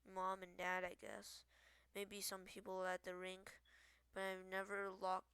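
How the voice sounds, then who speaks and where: A woman's voice: medium pitch, completely flat delivery, a little slow, a bit bright, clean tone, no room sound. A woman reading as a guarded teenage girl. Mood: defensive.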